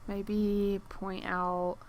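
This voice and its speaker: A woman's voice: mid-range voice, flat delivery, very slow, a little hiss or hum. A woman thinking aloud while she sketches on a stream, rambling and easily distracted, with lots of filler words and sudden exclamations. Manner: exclaims at what she sees on screen. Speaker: artist streaming while drawing.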